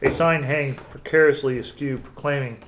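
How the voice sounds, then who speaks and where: A man's voice: mid-range voice, steady tone, normal speed, noisy background. A man narrating as game master in a tabletop game, casual and stumbling a little over his words.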